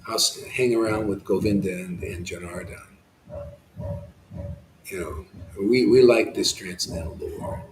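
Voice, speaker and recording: A man's voice: on the low side, unhurried, pauses often, reverberant, slight background noise, low-quality recording. A man giving an informal devotional satsang talk, rambling and impassioned, with frequent restarts and asides. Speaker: devotional speaker.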